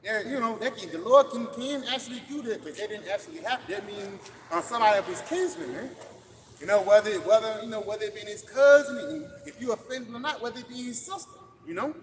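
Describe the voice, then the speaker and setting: High, fast-talking man teaching scripture bluntly. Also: a crowd in the background. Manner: blunt, profane, street talk with many "you got it". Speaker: camp teacher. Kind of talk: live group scripture teaching. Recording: live room with long reverb and background noise.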